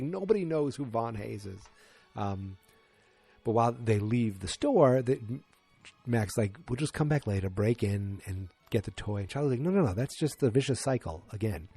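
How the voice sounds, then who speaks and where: A podcast co-host casually retells a sitcom episode, rambling with restarts and lots of ums and briefly acting out the characters' lines. His voice is on the low side, mellow and breathy, with lively intonation at a moderate pace. There's no echo, just soft background music.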